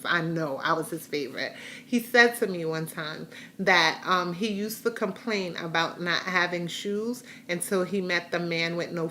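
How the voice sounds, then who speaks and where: A woman's voice: fairly low pitch, sharp tone, a little hiss or hum. A middle-aged woman chatting casually in a rambling, heartfelt way while giving a personal health update to her viewers. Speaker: vlogger sharing a health update.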